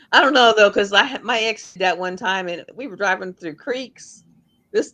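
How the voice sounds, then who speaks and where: A woman's voice: mid-range voice, a bit bright. A woman hosting a livestream, telling rambling, folksy stories in casual chat. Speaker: livestream host.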